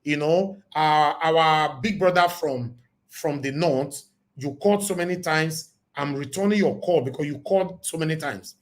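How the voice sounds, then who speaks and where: A Nigerian man hosting a livestream call-in show, talking in an emphatic, preachy way and repeating himself, his voice going hoarse. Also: on the high side, normal speed. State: losing his voice. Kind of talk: casual livestream talk with call-ins.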